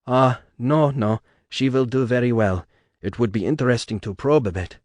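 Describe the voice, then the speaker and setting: A man's voice: medium pitch, normal speed, darkish tone, dry recording, close to an everyday voice. A man voicing a fussy, coldly curious male doctor who speaks clinical, broken English. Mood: puzzled.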